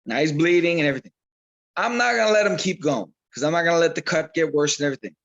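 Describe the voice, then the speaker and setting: A man, a boxing trainer, telling animated stories in a casual interview and repeating himself as he goes. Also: fairly high pitch, fast, dull audio. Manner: animated storyteller, repeats himself, acts out quotes.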